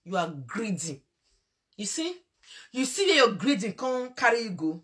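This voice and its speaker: A woman with a Nigerian Pidgin accent hosting a show, talking in an animated, emphatic monologue. She repeats her phrases, scolds, laughs, and breaks into sudden loud outbursts. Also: a little high, moderate pace. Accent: Nigerian Pidgin English. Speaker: online show host.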